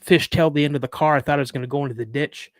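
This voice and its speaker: A man's voice: on the high side, steady tone, racing, no room sound, clean studio sound. A man in his fifties telling a personal story as a podcast guest, in a vivid, dramatic way. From United States. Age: 50s.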